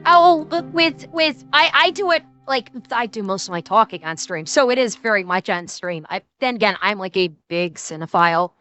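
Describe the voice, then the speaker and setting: A woman's voice: medium pitch, expressive, moderate pace, hardly any pauses, sharp tone, no room sound, soft background music. A woman with a Midwestern accent chatting casually on a stream, rambling with many restarts and frequent laughter. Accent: Midwestern American.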